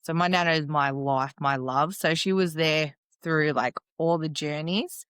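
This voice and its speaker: A woman's voice: deep voice, fairly even intonation, unhurried, fairly bright tone, clean tone, no echo. A young woman, a guest in an interview, talking plainly and casually about her life. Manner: plain-spoken, casual, lots of fillers.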